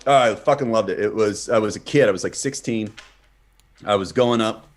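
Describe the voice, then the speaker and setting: A podcast co-host with a lowish voice talks at a moderate pace into a streamed podcast mic. His casual chat is full of rambling, profane stories, fillers and restarts.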